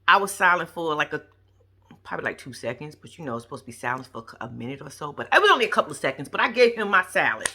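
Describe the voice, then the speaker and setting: A woman's voice: fairly low pitch, wildly swooping pitch, a little fast, long pauses, sharp tone, slightly rough. A woman giving casual, profane, gossipy commentary on a reality TV episode, laughing often as she talks. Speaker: reality TV recap vlogger.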